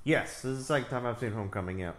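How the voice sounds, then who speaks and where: A man co-hosting a podcast, chatting about a movie in a teasing, animated way. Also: mid-range voice, rapid-fire. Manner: animated, teasing, laughs often. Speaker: podcast co-host. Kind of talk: casual movie review chat.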